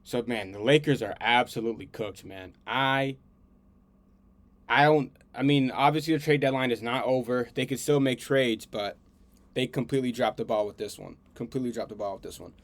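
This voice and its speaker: A man's voice: medium pitch, moderate pace. A man hosting a podcast, giving casual sports commentary in a slangy, repetitive, heated way. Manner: repeats himself, slangy and animated, heated rants. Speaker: podcast host.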